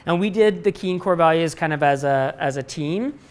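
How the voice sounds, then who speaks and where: A middle-aged company president, his voice a little high, clear and resonant, speaks at a moderate pace while fielding student questions before a live audience in a lecture room. His answers are candid and rambling, full of restarts and casual swearing.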